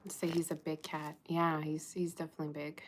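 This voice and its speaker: A woman reads tarot in a loose, chatty way, laughing and talking straight to her viewers. Her voice sits low, and faint noise hums behind her. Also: completely flat delivery, fairly quick. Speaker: tarot reader. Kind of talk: casual tarot reading to camera.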